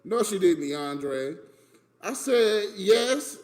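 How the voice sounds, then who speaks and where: A man telling a story about his family in an animated, emphatic way. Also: high-pitched, extremely slow. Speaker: streamer in a played clip. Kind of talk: casual storytelling rant.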